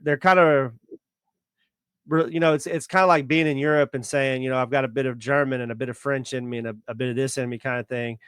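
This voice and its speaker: Texas guy on a podcast going off on a history tangent, smooth voice, dry close sound. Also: mid-range voice, no room sound. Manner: rambling fact-sharing with many "uh"s and "kinda"s. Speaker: podcast co-host. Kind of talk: casual chat.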